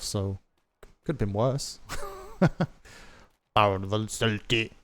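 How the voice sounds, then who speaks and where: Male streamer, low register, loose rambling chat to viewers on a desk mic. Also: fairly even intonation, slow pace, fairly bright tone. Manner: rambling, chatty, many fillers. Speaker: livestreamer. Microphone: mic through a desk audio mixer.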